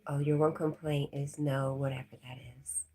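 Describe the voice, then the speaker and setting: A woman's voice: low-pitched, level tone, moderate pace, dark tone. A woman hosting a casual livestream, reading viewer comments aloud and chatting back with frequent laughs. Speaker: livestream host.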